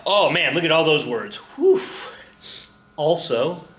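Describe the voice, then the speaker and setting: A man's voice: fairly high pitch, lively intonation, takes it slowly, a bit bright, reverberant. A man teaching a history lesson for his students in a casual lecture, chatty and joking, with lots of fillers. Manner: chatty, jokey asides, frequent fillers. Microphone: recorded at a computer for students.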